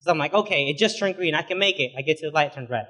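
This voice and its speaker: A young adult man preaching a sermon as a pastor, conversational and informal, often filling pauses with "you know". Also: fairly high pitch, pushed and bright, husky.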